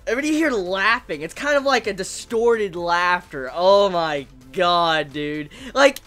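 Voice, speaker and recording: A woman giving an excited, casual manga review, swearing freely and bursting into shouts. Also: fairly low pitch, measured pace, soft background music.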